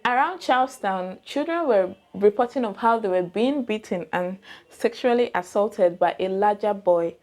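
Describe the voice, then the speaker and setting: A woman's voice: mid-range voice, animated, normal speed, a little mellow. A young woman with a Nigerian accent, casually retelling a true crime case, chatty and digressive, often asking her viewers questions. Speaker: true crime channel host.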